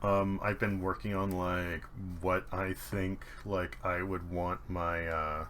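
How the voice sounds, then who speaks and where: Bright-voiced male game master. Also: low voice, flat delivery, slight background noise. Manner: vivid, halting combat narration with many fillers. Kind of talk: narrating a tabletop game.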